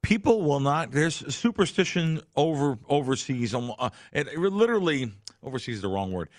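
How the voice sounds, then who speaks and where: Rambling, emphatic veteran bettor. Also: male voice, fairly high pitch, very animated, moderate pace, no room sound, studio quality. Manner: rambling, emphatic, many fillers. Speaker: veteran sports bettor guest. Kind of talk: casual storytelling conversation.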